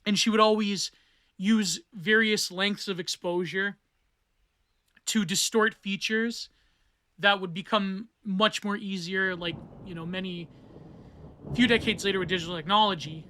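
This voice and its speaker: High, bright-voiced rambling man. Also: steady tone, a little slow. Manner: rambling, digressive, many fillers and self-corrections. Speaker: podcast host. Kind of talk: casual solo monologue on art theory.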